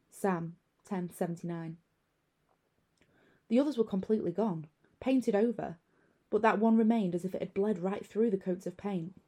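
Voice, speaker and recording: A young adult woman narrating a first-person horror story in a measured way, letting the unease build slowly. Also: mid-range voice, mellow.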